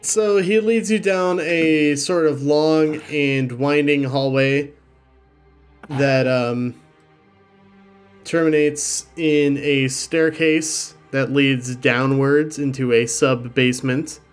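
A man narrating as game master of a tabletop game, unhurried and filling pauses with ums. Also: fairly high pitch, steady tone, faint music behind.

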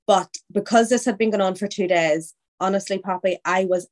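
Speaking at a normal pace with a medium-pitched voice, a woman appears as a podcast guest. She candidly tells her story in casual, chatty conversation, quoting her own thoughts aloud.

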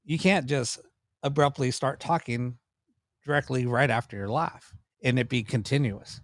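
During a casual storytelling podcast interview, a paranormal investigator and cameraman speaks animatedly and rambles, frequently restarting. His mid-range voice moves at normal speed, recorded in studio quality with no echo.

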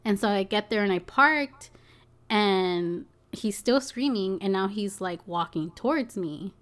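A woman's voice: medium pitch, expressive, measured pace. Young woman telling a story, says like a ton, casual and sweary. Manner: chatty, lots of "like" and "you know", swears, laughs often. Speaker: package delivery driver.

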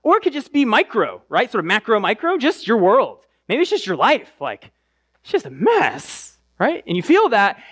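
A man's voice: high voice, moderate pace, slightly rough. A man preaching a sermon in a conversational way, often checking in with the crowd and restarting his phrases. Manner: animated, with frequent restarts. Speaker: pastor.

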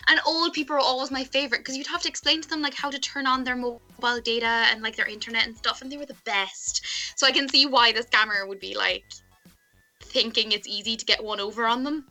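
A young Irish woman chatting casually as a podcast co-host, chatty and quick to agree. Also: on the high side, steady tone, sharp tone, soft background music, rough recording. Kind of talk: casual chat.

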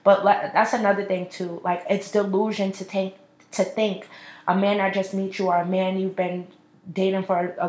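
A woman's voice: mid-range voice, a little mellow. A woman in her twenties hosting a solo podcast, ranting bluntly and with lots of profanity. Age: 20s. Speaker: podcast host. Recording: echoey room.

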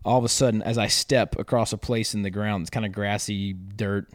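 A lower-voiced young man tells his story casually as a podcast guest. He is animated and acts out what people said in a loud voice. The sound is dry and close. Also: brisk, no echo.

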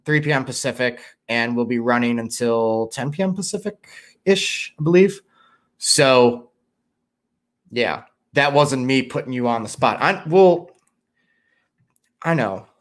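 A man hosts a casual livestream and rambles from one thought to the next, swearing freely and teasing himself. His voice sits at an ordinary mid pitch as he reads out chat messages. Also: a bit bright. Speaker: livestream host.

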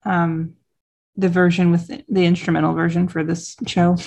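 A woman's voice: on the low side, flat delivery, normal speed, vocal fry, darkish tone. A woman co-hosting a casual watch-along chat, making wry, teasing comments about the show.

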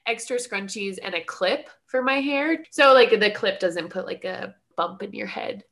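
A woman's voice: mid-range voice, measured pace, fairly bright tone. Giggly woman with a stuffy nose. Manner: chatty, giggly, uses "like" often. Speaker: podcast co-host. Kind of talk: casual chat.

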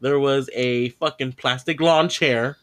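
A man's voice: medium pitch, fairly even intonation, a little slow, a bit bright. A man hosting a podcast, telling a long story in casual chat, swearing freely and acting out what people said. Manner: profane, laughing, acts out dialogue in the story. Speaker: podcast host.

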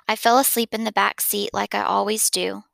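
A woman reads a children's novel aloud with gentle storytelling. Her voice carries a strong gravelly fry, and the recording is close and dry, with no room around it. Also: mid-range voice, flat delivery, moderate pace, dry recording. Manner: gentle storytelling, with small slips and restarts. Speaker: reader.

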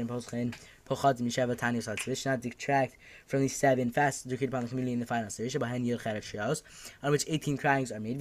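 A man teaching a daf yomi Talmud class, reading each Aramaic phrase and then translating it, with fillers and self-corrections. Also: medium pitch.

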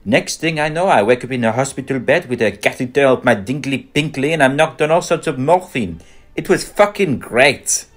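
A man's voice: medium pitch, lively intonation, moderate pace, natural voice. An actor playing a crude, boastful, washed-up male director, in a mockumentary interview. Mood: wry. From France.

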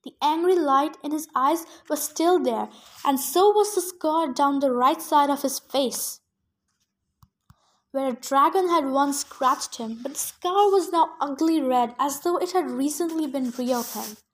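A woman's voice: sits high, a little slow. A woman reading a novel aloud in plain narration, now and then stopping for chatty asides about her own misreadings. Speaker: reader.

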